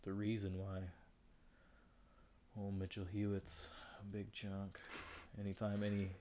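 A young man co-hosting a podcast in casual chat, joking around and quick to slip into silly voices. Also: on the low side, completely flat delivery, dark tone. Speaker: podcast co-host.

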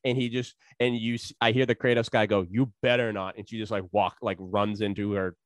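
Animated man telling a wild story. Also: lowish voice, a little fast, dry recording, studio quality. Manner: animated, acts out quotes with raised voice, swears freely. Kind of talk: casual storytelling chat.

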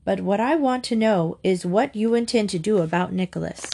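A woman's voice: mid-range voice, normal speed, vocal fry, mellow. A woman voicing an angry, indignant mother of a hurt little boy in a storybook reading, shrieking and accusing.

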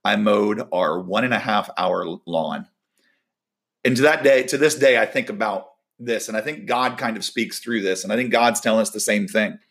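Gravelly-voiced man telling a devotional story. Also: fairly low pitch, moderate pace, a bit bright. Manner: storytelling, acts out quoted dialogue. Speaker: volleyball coach. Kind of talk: casual devotional talk.

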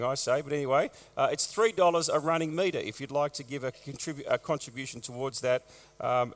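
A man's voice: medium pitch, big-room sound. A man preaching as a pastor, conversational with wry asides, with a lingering post-viral cough. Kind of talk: church notices and sermon. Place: church.

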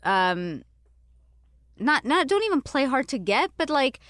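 A woman in her thirties talks in a frank, animated way, full of fillers and casual swearing. Her pitch leaps up and down as she makes her points. The sound is close and dry. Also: unhurried, dry recording. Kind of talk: casual chat.

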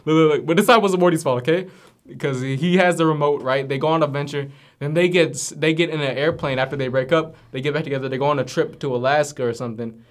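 A man's voice: on the high side, fast talker. A man co-hosting a casual podcast, animatedly retelling cartoon episodes with plenty of slang and fillers. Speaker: podcast co-host.

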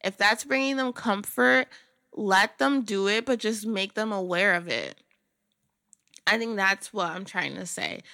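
A woman hosts her own podcast in a loose, chatty way, speaking frankly and letting the odd swear word slip. Her voice is bright and forward. The recording is dry and close. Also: medium pitch, lively intonation, unhurried, gravelly, no echo. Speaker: podcast host. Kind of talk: casual solo podcast talk.

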